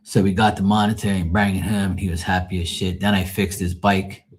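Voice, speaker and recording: A man's voice: deep voice, little pitch movement, a little fast. A man hosting a live tarot stream, telling rambling family stories full of swearing and laughing asides. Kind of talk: casual storytelling livestream.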